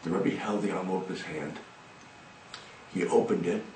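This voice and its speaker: Man, children's storyteller, expressive, dramatic, echoey, far from mic. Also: low-pitched, normal speed, slight background noise.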